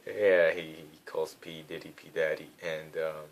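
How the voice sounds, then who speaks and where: A man's voice: a bass voice, level tone, takes it slowly, vocal fry. A young man vlogging into his phone, telling a rambling, filler-heavy story in a casual chat.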